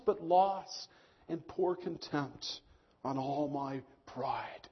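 Husky-voiced preacher man, lo-fi. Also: slow pace. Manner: preaching with rising and falling emphasis, dropping low on key lines. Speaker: pastor. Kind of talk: sermon.

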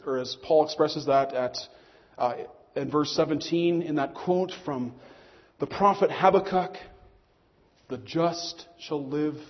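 A man preaching a sermon to his congregation in an earnest tone, slowing down on key phrases. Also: on the high side. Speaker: pastor. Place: church hall. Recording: muffled long hall echo.

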